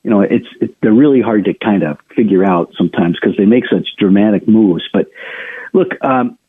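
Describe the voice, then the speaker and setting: A man's voice: fairly low pitch, normal speed, slightly rough. A male radio host giving chatty financial market commentary, talking straight to his listeners with frequent restarts and asides. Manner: chatty, addresses listeners directly, many restarts. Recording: narrow phone-like radio sound.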